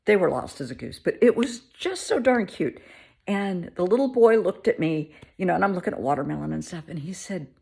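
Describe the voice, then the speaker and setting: A woman in her fifties, a therapist, telling an everyday story to camera in an animated, earnest way. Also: fairly low pitch, brisk, vocal fry, husky. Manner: animated, warm-hearted storyteller.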